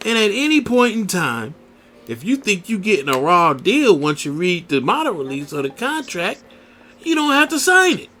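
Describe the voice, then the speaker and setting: Blunt, profane radio host, higher voice. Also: male voice, sing-song, normal speed, pushed and bright. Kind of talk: profane solo radio rant.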